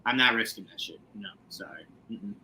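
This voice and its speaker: A man hosting a casual TV recap chat, animated and joking, often slipping into comic impressions. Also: lowish voice, brisk, gravelly, slight background noise, rough recording. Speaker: podcast host.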